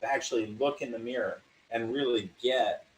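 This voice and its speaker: A man's voice: mid-range voice, brisk. A man talking casually and thoughtfully in conversation. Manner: reflective, frequent agreeing. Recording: echoey room, distant mic, faint noise.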